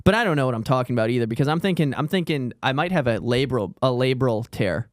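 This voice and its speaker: A man's voice: mid-range voice, expressive, fast talker, no echo, studio quality. A man co-hosting a comedy podcast, rambling and trailing off in casual banter. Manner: rambling, trails off, laughs often.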